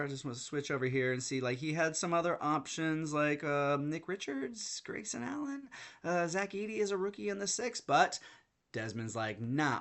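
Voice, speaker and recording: A man's voice: a little high, fairly bright tone. A man giving a casual, chatty breakdown of a fantasy basketball draft, thinking aloud and poking fun at himself as he checks his notes. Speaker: fantasy basketball league commissioner. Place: in London.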